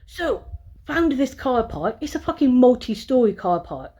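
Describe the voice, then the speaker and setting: A woman's voice: sits high, big pitch swings, unhurried, mellow, husky. Exasperated woman ranting into her phone. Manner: exasperated, swears often, talks to camera. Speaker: vlogger reviewing a hotel. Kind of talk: casual vlog rant and room tour. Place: hotel room, indoors. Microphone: phone camera.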